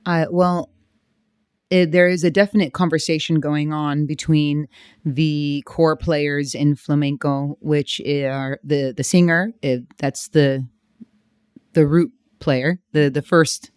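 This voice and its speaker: A woman from San Diego, a flamenco dancer, explaining her art in measured phrases during a podcast interview. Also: sits low, flat delivery, darkish tone, smooth, dry recording, clean studio sound. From San Diego, United States.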